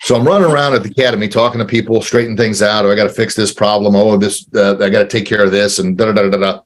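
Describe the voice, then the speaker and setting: A man in his forties, an entrepreneur guest, telling a candid personal story in an earnest, halting way with repeated words, getting choked up. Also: lowish voice, fairly even intonation.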